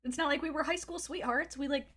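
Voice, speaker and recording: Woman, streamer, casual chat, candid and profane, rambling, a bit high-pitched. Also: quick pace, fairly bright tone. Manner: candid, gossipy storytelling with frequent swearing; rambling with fillers and laughs.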